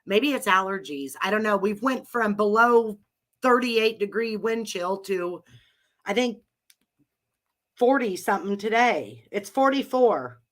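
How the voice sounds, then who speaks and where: A woman's voice: mid-range voice, expressive, measured pace. A middle-aged woman with a cold, hosting a live chat with listeners in a rambling, chatty way and laughing often. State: has a cold. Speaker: live audio room host.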